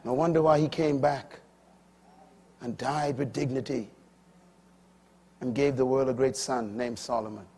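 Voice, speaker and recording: Husky middle-aged man preaching with fire. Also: medium pitch, fairly even intonation, unhurried, pauses often. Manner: dramatic preaching, swinging between hushed asides and loud emphatic climbs; shouts key points. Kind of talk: sermon.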